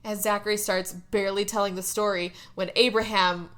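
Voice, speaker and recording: Woman, podcast host; bright, punchy voice; loose, giggly movie recap, cusses freely. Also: mid-range voice, flat delivery, a little fast. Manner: laughs often, swears freely.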